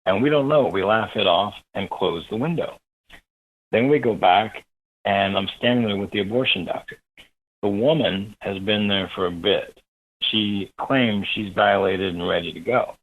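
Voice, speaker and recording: Male guest, husky and low-pitched, animated storyteller. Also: normal speed, phone-quality sound. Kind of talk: storytelling in a radio interview.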